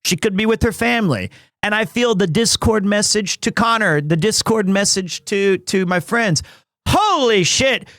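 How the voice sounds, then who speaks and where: Man in his thirties, high voice, dry close sound, rambling jokey streamer chat. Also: normal speed, fairly bright tone, dry recording. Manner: rambling, self-interrupting, chuckles often; jokey and teasing. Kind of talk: casual live-stream chat.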